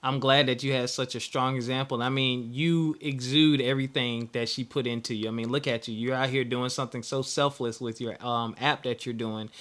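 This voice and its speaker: A man's voice: mid-range voice, steady tone, brisk, hardly any pauses, a bit bright. A male podcast host in a casual interview, encouraging and affirming his guest. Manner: encouraging, affirming, says "man" often.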